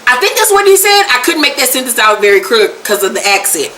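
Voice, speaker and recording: A woman's voice: fairly high pitch, very animated, fast talker, pushed and bright, a little hiss or hum. A woman giving a casual, slangy recap of a TV episode, laughing often as she talks. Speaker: TV show reviewer.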